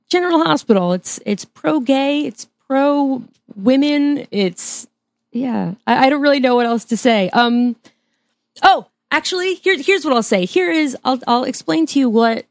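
Woman podcast guest, chatty and giggly, slightly high voice. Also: creaky, no room sound. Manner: chatty, laughs often, restarts sentences. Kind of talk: casual interview chat.

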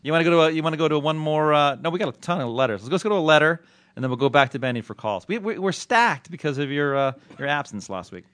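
A man's voice: a little high, animated, fast talker, fairly bright tone, dry recording. A man hosting a casual podcast who teases his co-host, laughs often and steers the show to letters and calls.

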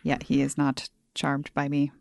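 A woman player in a tabletop game, chatty and quick to laugh. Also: extremely low pitch, monotone, gravelly, darkish tone. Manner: bubbly, laughs often. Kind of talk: casual tabletop play.

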